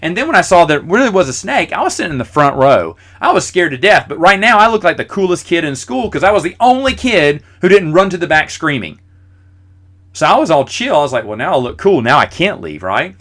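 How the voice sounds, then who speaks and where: A man in his forties hosts a podcast, spinning rambling, self-deprecating stories packed with fillers. His voice is high-pitched and very animated, fairly quick, with a fairly bright tone. It's casual storytelling.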